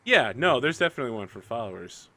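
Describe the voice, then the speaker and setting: Male game master, bright voice, loose chatty narration, streamed tabletop game. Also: medium pitch, sing-song, quick pace, dry recording. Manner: casual, chatty, lots of fillers like "like".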